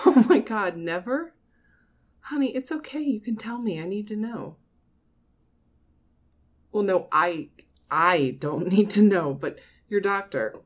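A woman playing a doting mother who talks to her grown son in a soft, coaxing audio role-play. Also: medium pitch, lively intonation. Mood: soothing. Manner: soft, coaxing, slow, with frequent nervous laughs.

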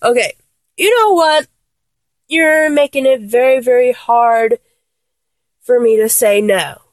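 A woman's voice: fairly high pitch, expressive, slow pace, no echo. A young woman voice actor playing a flustered, blunt young woman in a one-sided audio role-play, exasperated, stammering and swearing.

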